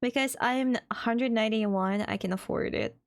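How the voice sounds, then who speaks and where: A young woman with a Russian accent and a fairly high voice chats casually as a VTuber on a livestream, speaking at a moderate pace. She reads chat aloud and laughs often, and the recording is dry.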